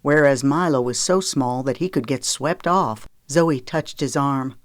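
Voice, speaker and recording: An audiobook narrator reading a novel with steady, measured storytelling into a close microphone. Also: mid-range voice. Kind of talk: scripted narration of a romance novel.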